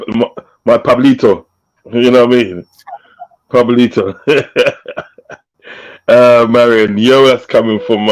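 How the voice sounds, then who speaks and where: A man's voice: lowish voice, rough recording. Laughing man hosting a live chat. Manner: laughs often, reads out chat shout-outs. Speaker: host. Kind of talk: casual live-stream chat.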